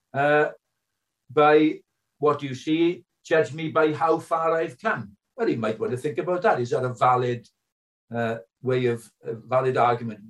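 A man's voice: mid-range voice, far from the mic, low-quality recording. An older man preaching a sermon, earnest and full of rhetorical questions.

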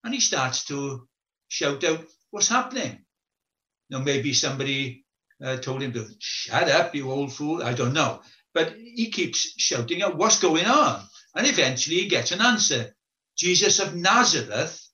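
A man's voice: mid-range voice, sharp tone. A man preaching a sermon, telling stories and acting out the quoted voices, with questions repeated to the listeners. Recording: echoey room, dull lo-fi sound.

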